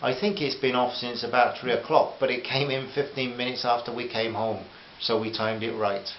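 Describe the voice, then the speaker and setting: Male author-narrator, gentle and chatty, roomy dull recording with hiss. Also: mid-range voice, steady tone, normal speed. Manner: gentle, chatty asides to listeners. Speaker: author reading his own novel. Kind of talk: audiobook narration with character voices.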